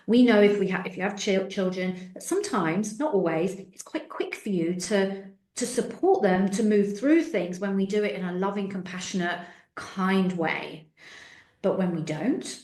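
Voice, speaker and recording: A woman's voice: medium pitch, a little mellow, roomy sound. A woman spiritual mentor answering interview questions earnestly, sometimes acting out voices in her stories.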